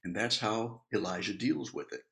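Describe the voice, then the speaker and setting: A man's voice: lowish voice, moderate pace, gravelly, a bit bright. A man preaching a sermon, reading scripture and explaining it in a playful way, chuckling at the humor in the story.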